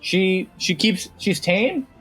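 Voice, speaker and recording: A man's voice: lively intonation, slow pace, fairly bright tone, husky, faint music behind, heavily acted. A man voicing a nervous male pirate guard who is eager to please, in a tabletop game. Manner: high, jittery and deferential.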